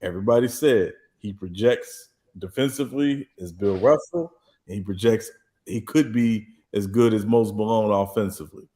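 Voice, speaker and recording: A man with a fairly low voice lays out his case on a sports talk panel. He talks in a measured, explanatory way, building each point step by step. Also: mellow. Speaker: podcast panelist.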